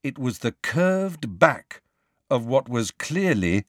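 A man reading a fantasy novel aloud as an audiobook narrator, measured and expressive. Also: medium pitch, no room sound, studio quality. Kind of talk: scripted narration.

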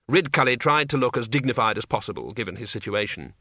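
A man narrating a comic fantasy audiobook with wry, lively storytelling. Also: mid-range voice, quick pace, no echo.

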